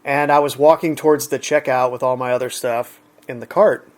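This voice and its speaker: A man's voice: medium pitch, steady tone, fairly quick. A man relaxedly retelling an everyday encounter in a chatty, conversational way. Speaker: storyteller. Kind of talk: casual anecdote.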